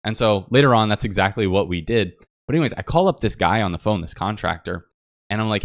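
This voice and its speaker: A man's voice: lowish voice, expressive, fast, creaky, no echo, clean studio sound. A man telling a long casual story as podcast host, rambling with many fillers and acted-out quotes. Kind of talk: casual storytelling over photos.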